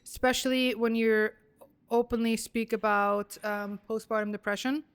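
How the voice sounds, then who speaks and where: A young adult woman hosting an interview podcast, chatty and casual with quick reactions. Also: a little high, fairly even intonation, smooth. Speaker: podcast host.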